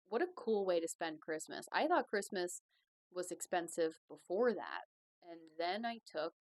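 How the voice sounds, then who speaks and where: A young woman talks through a story on her solo podcast, swearing freely and poking fun at herself as she goes. Her voice sits on the lower side for a woman. The sound is dry and close, with no room around it. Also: no echo, low-quality recording. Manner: rambling, profane, self-mocking storytelling with laughs. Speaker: podcast host.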